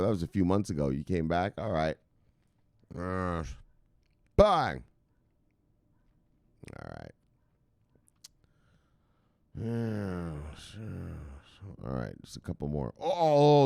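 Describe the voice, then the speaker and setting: A male crypto news host chats casually on a livestream, shouting out viewers with loud hype catchphrases, swearing and laughing. His voice is fairly low, and the studio-quality recording has no room sound.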